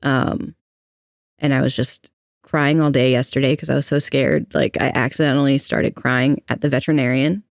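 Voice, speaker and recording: A man's voice: medium pitch, fairly even intonation, normal speed, gravelly, no room sound, studio quality. A young adult trans man co-hosting a podcast, telling personal stories in a candid, anxious, self-deprecating way. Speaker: podcast co-host. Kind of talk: casual personal storytelling.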